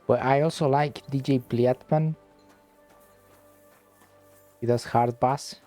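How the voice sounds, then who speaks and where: Slow, relaxed man chatting while streaming. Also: medium pitch, faint music behind. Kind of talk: casual gameplay commentary.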